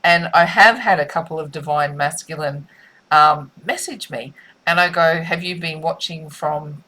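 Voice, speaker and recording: A woman's voice: low voice, a little slow, bright, forceful tone, poor audio. A woman giving a spiritual tarot reading, musing and repetitive in a soothing way. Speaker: tarot reader.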